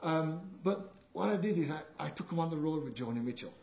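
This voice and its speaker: Older man, sound engineer, animated anecdotes, lecture hall, echoey, muffled. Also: fairly quick, gravelly. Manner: animated storyteller, acts out quotes with big pitch jumps. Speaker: live sound engineer giving a talk. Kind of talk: anecdotal presentation to an audience. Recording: dull, roomy hall recording.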